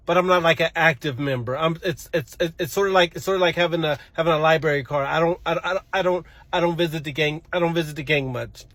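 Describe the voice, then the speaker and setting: A man doing stand-up comedy, telling a story from his childhood in a rather high voice. He stammers and repeats himself as he goes, and laughs at his own tale. The sound is dry and close. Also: fast, few pauses, fairly bright tone, no echo.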